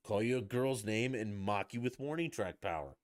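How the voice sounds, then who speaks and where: A man's voice: on the low side, normal speed, dry recording. A middle-aged man ranting casually as a podcast host, blunt, mocking and profane.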